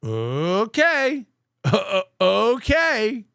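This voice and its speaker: A man's voice: sits high, wildly swooping pitch, drawn-out words, creaky, a bit bright, clean tone, no echo, studio quality. A man hosting a show, reacting to clips with sarcastic, profane commentary and frequent laughs.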